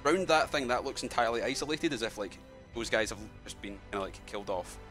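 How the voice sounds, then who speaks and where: A man's voice: medium pitch, animated, fast talker, a bit bright, soft background music. A man running a tabletop game, narrating loosely with lots of "kinda" and "like". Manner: rambling, heavy use of fillers like "kinda" and "like". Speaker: game master.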